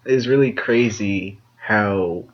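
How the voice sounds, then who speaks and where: A man's voice: fairly low pitch, takes it slowly. A young man co-hosting a podcast with a friend, rambling in casual chat and slipping into joking voices. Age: young adult. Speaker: podcast co-host. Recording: dull lo-fi audio with faint noise.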